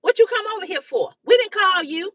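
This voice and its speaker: A woman in her fifties hosting a live stream, talking bluntly and loudly with heavy cursing. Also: very high voice, lively intonation, brisk, no echo, recorded from a distance, poor audio. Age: 50s. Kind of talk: profane casual live-stream rant. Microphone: phone or webcam on a live stream.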